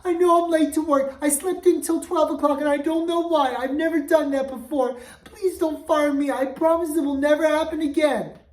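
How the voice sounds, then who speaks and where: A woman voicing a flustered young cook who pleads in a high, loud, rushed voice, in a roomy recording from a distance. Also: fairly even intonation, lightly acted. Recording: roomy, voice away from mic.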